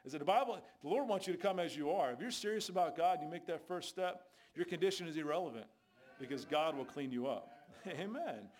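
A man preaching a sermon in a voice pitched somewhat high. He tells stories from his street ministry and drives each point home with rhetorical questions. His delivery is emphatic and conversational. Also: expressive, a little fast, a little mellow.

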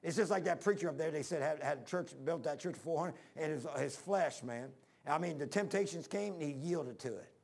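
Male preacher, folksy and rambling, gravelly voice pitched a little high. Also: fairly quick, hardly any pauses, a little mellow. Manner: folksy, rambling, talks straight to the congregation. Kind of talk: sermon.

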